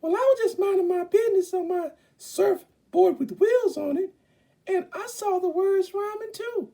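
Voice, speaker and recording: A man's voice: moderate pace, vocal fry, mellow. A man voicing a chirpy young female skateboarder in a comic classroom skit. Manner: chirpy falsetto. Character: bubbly young woman skateboarder bystander.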